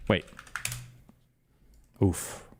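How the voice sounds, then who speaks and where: A man talking casually on his stream, explaining things quickly and animatedly, his voice jumping higher when he gets exasperated. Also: a little hiss or hum. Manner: fast, animated, explanatory talk that jumps up in pitch when exasperated. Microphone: close desk microphone.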